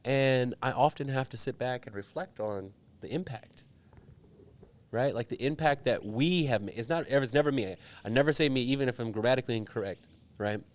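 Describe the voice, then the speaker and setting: A young man, a politician, telling a personal story in an interview, earnest and animated, with many fillers. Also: medium pitch, a little fast. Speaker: politician guest.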